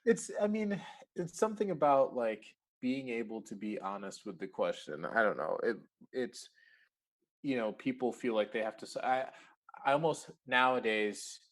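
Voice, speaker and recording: A man's voice: mid-range voice, big pitch swings, normal speed. A man talking as a podcast guest in a casual interview, chatty and laughing often as he acts out bits of dialogue.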